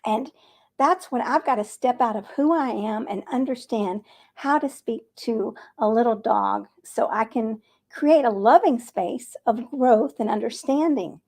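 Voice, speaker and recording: A middle-aged woman talking earnestly and gently, coaching her viewers in a casual vlog. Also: fairly high pitch, unhurried. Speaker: vegan vlogger. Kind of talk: casual advice talk to camera.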